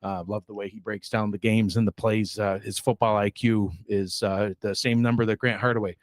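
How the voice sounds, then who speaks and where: A man's voice: lowish voice, flat delivery, moderate pace, no room sound, studio quality. A man hosting a sports show in a loose, rambling way, full of fillers and self-deprecating asides. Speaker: show host. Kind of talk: casual sports show chat.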